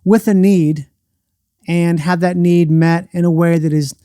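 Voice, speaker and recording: A man's voice: fairly high pitch, steady tone, measured pace, warm tone, clear, resonant tone, dry recording, studio quality. A man chatting casually as a podcast guest, rambling and jokey, poking fun at himself. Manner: rambling, jokey, self-mocking. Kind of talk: casual chat.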